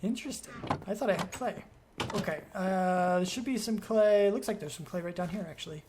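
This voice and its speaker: A man's voice: high-pitched, a little fast, noisy background. Man musing aloud over a game. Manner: rambling, thinking aloud, questioning himself. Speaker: gaming video creator. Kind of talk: let's play commentary.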